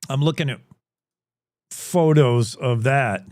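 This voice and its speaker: A man's voice: mid-range voice, slow, a little mellow, dry recording, studio quality. Joking man hosting news. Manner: joking, rambling, with comic asides. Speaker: show host. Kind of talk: casual news commentary.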